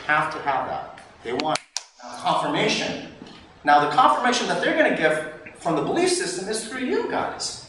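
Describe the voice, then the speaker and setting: A man with a fairly high voice coaches a sales team in lively bursts. He often slips into the lines of customers and sellers. He is recorded from a distance in a very echoey room with faint noise. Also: moderate pace. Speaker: sales trainer. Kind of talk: live training talk. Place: training room.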